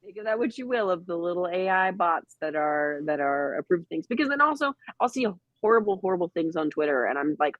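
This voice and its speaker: A podcast co-host chatting casually, blunt and animated, acting out little quoted asides. The sound is dry and a bit dull, like a lo-fi podcast mic. The voice sits at a middle pitch. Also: fairly quick, no room sound.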